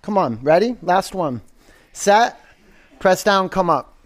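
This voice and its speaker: A man's voice: high voice, lively intonation, moderate pace. A man leading a live yoga class, calling out poses, counting down holds and teasing and joking with his students in a studio. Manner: coaching, counts aloud, jokes and teases the class. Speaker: yoga instructor.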